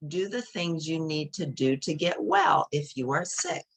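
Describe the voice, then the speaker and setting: A woman reading a children's picture book aloud, gently explaining each page to young listeners. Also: deep voice, expressive, measured pace.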